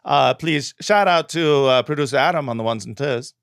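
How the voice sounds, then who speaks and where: A man's voice: mid-range voice, moderate pace, creaky, smooth, dry recording, clean studio sound. A man co-hosting a casual comedy podcast, joking around and rambling with plenty of fillers. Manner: jokey, rambling, lots of fillers. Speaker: podcast co-host.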